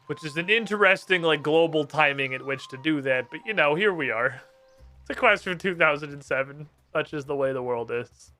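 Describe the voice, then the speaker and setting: A young man streaming a game, commenting casually with lots of swearing and excited outbursts. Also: fairly high pitch, brisk, soft background music. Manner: profane, excitable, reads game text aloud.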